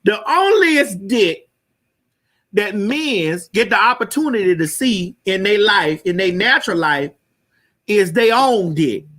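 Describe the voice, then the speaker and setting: A woman hosting a morning show, delivering a loud, profane comedic rant to her viewers and bursting into shouts. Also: mid-range voice, lively intonation, measured pace.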